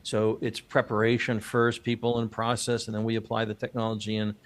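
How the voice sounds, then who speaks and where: A man's voice: on the low side, monotone, brisk. A man hosting a business podcast, chatting casually and joking, with many fillers and restarts. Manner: rambling, jokey, many fillers. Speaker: podcast host.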